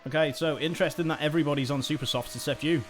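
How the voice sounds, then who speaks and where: A man's voice: a little high, fairly even intonation, rapid-fire, slight background noise. A man hosting live esports commentary in a chatty, rambling way and poking fun at himself. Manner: chatty, rambling, self-deprecating. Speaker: host commentator.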